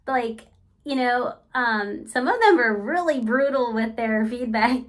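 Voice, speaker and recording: A woman's voice: fairly high pitch, lively intonation, takes it slowly, a bit bright. A woman vlogger speaking in a casual, frank, rambling way, full of fillers like "um" and "you know.". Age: adult. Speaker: language-learning vlogger. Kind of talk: casual chatty review.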